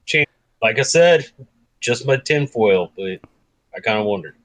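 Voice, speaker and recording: A man on a casual show discussion panel, hesitant and halting, repeating words while searching for them. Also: lowish voice, lively intonation, fairly bright tone, no room sound. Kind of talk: casual discussion on a video call.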